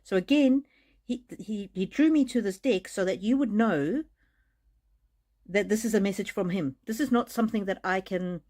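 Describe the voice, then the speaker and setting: A woman giving a live-streamed oracle card reading, speaking gently and haltingly, moved to emotion and laughing often. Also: medium pitch. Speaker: tarot and oracle card reader. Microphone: streaming mic.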